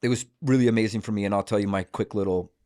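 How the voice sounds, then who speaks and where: A man's voice: lowish voice, steady tone, rapid-fire, mellow, dry recording, studio quality. A man in his forties from Idaho, a guest talking casually and earnestly, with lots of fillers and restarts. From Idaho, USA. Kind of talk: casual conversation.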